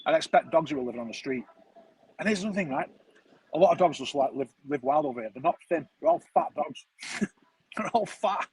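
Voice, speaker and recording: A man's voice: fairly high pitch, expressive, a little fast, creaky, husky, rough recording. A man, telling a rambling, chatty story full of slang as a streamer. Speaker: football streamer. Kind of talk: casual storytelling chat.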